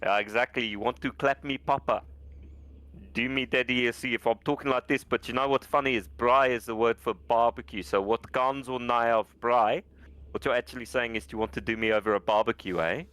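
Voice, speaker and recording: A man's voice: medium pitch, fairly even intonation, a bit bright, smooth, natural voice. A man putting on a South African accent as a crude, swaggering bloke on a game stream, tacking "eh?" and "my man" onto his lines. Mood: teasing crude. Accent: put-on South African. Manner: bawdy, teasing, drawn-out tags like "eh?" and "my man".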